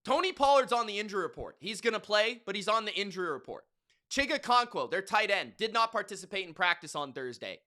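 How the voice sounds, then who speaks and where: A man's voice: sits high, very animated, fast, pushed and bright. A man hosting a sports betting picks show, talking in a brash, slangy hype style. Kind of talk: hyped sports betting monologue.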